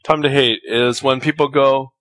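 A man co-hosting a relaxed podcast, speaking at a typical middle pitch for a man. He explains his points earnestly and thoughtfully. He laughs easily as he talks. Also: normal speed. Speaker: podcast co-host. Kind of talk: casual comedic chat.

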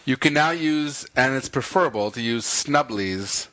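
A man co-hosts a podcast in a medium-pitched voice at a moderate pace, with no room sound in the recording. He's animated and chatty, joking around and teasing his co-host.

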